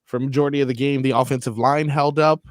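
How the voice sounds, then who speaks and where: A man co-hosting sports radio, measured and wry in casual banter. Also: medium pitch, fairly even intonation, a little hiss or hum.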